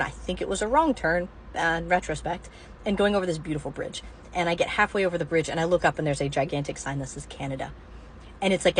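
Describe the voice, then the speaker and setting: Wry lower-voiced woman telling a story. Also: fairly bright tone, slight background noise. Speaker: doctor. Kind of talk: personal anecdote vlog.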